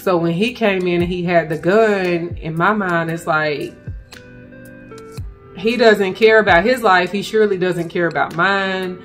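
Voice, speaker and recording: A woman recounting a frightening personal experience to her viewers, speaking in halting bursts and addressing them directly. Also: lowish voice, faint music behind. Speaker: vlogger telling a personal story. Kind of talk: emotional personal storytelling.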